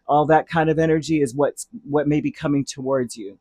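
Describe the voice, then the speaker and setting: A man's voice: a little high, fairly even intonation, a little fast, a little mellow, husky, dry recording. A man giving a casual tarot reading, talking in a rambling, chatty way that drifts into heated asides. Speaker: tarot reader.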